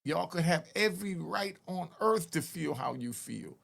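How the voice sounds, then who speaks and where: A man's voice: a little high, animated, unhurried, fairly bright tone. A man, talking straight to camera in an earnest, pleading commentary. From Harlem, New York. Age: 60s. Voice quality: gravelly. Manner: earnest, pleading, street-style talk with rising emphatic peaks. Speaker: channel host telling prison stories.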